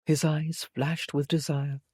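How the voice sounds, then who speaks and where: A woman reading a historical romance novel aloud in a measured storytelling manner. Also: deep voice, level tone, mellow, slightly rough, dry recording, studio quality. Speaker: audiobook narrator. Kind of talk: scripted romance narration.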